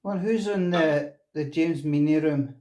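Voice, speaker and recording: A middle-aged man on a ghost hunt, asking slow, coaxing questions to an unseen presence inside an old castle. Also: on the high side, warm tone. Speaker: paranormal investigator.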